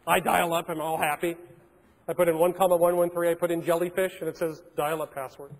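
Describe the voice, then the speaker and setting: High-voiced man telling stories in a reverberant hall. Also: a little fast. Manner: animated, acts out phone calls in changed voices, frequent restarts. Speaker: keynote speaker. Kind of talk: storytelling keynote talk. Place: large conference hall.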